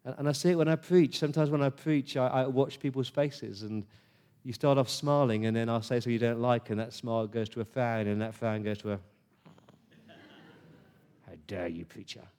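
A man delivers a sermon with a mellow, darker tone. He talks earnestly and conversationally to his congregation, with pauses and restarts. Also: mid-range voice, fairly even intonation, clear, resonant tone. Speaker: preacher.

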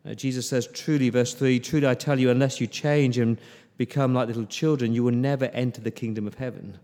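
A man preaching an earnest sermon, often repeating words and dropping into soft, pleading passages. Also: mid-range voice, fairly even intonation, fairly quick. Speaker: pastor. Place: church hall. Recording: long church reverb.

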